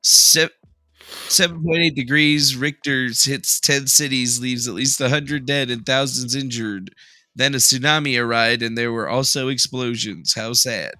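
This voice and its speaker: A man's voice: mid-range voice, measured pace, sharp tone, no room sound. A man hosting a livestream in casual chat, laid-back, swearing freely and joking as he scrolls through news. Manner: laid-back, profane, jokey. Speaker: livestream host.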